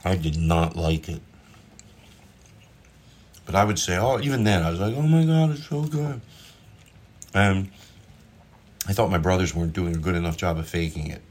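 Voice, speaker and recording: Low-voiced man rambling while cooking. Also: moderate pace, pauses often, husky. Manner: rambling, self-interrupting, jokey. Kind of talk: casual food chat while cooking and eating. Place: home kitchen. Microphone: phone propped up.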